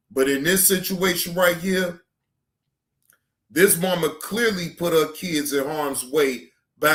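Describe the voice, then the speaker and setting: Slow-talking male reaction host. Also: fairly high pitch, a bit bright. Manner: preachy, repeats himself, asks "right?". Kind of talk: casual commentary.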